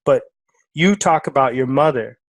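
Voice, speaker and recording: A man's voice: mid-range voice, moderate pace, no room sound. A man hosting a podcast interview, speaking in an enthusiastic, informal way. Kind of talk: casual interview talk.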